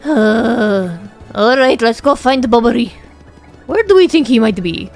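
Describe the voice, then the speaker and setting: A woman's voice: fairly high pitch, animated, slow, a little mellow, soft background music. A woman casually commentating a video game playthrough, playful and muttering to herself. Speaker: gaming video creator.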